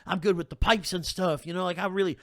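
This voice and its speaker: A man's voice: high voice, fairly even intonation, quick pace, a bit bright, no room sound, clean studio sound. A man voicing a laid-back older man in his fifties, a mumbling hustler, in a told story. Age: 50s. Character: older man, mellow, easygoing street hustler.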